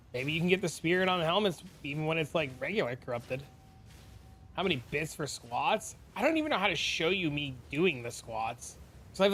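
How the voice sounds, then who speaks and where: A man's voice: a little high, fairly bright tone, a little hiss or hum. A man streaming a game from a home room with a green screen, talking casually and rambling, swearing freely as he answers chat.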